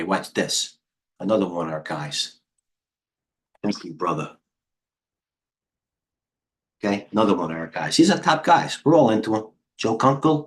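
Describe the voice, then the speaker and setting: Middle-aged male trading coach, low-pitched, loose and excitable, riffs on charts to his viewers. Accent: New York. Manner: rambling, excitable, chatty with viewers. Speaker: trading coach hosting a livestream. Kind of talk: casual live market commentary.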